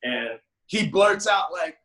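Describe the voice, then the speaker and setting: A man, a guest musician, telling a story in casual talk and acting out the people he quotes with big jumps in pitch. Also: animated, takes it slowly, pushed and bright.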